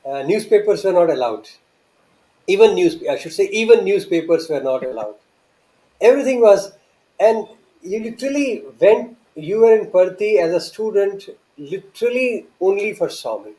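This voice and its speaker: A man's voice: sits high, lively intonation, moderate pace, mellow, low-quality recording. A man, telling an earnest, reverent story from his student days with many restarts and rhetorical questions. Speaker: guest recounting memories.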